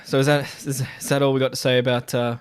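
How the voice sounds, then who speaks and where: Dude hosting a stream, crude and sweary, laughs a lot, dry close mic. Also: male voice, medium pitch, level tone, quick pace, clear, resonant tone, dry recording. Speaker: podcast host. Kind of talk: casual chat.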